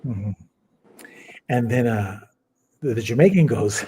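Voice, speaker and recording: A man's voice: medium pitch, moderate pace, long pauses, warm tone, a little hiss or hum. A man co-hosting a casual podcast chat, a rambling storyteller who stops and restarts often. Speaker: podcast co-host.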